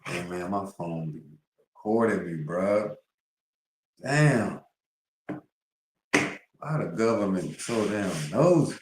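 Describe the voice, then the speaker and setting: Low voice dude chatting slow with his viewers, cussing a lot, echoey room. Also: expressive, a little mellow, slight background noise. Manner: rambling and profane, heavy slang. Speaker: streamer. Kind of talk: casual live-stream chat.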